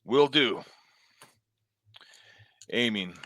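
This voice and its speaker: A man playing a gruff soldier in a tabletop role-play, talking in a casual, bantering way. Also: medium pitch, drawn-out words, fairly bright tone, no room sound. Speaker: player.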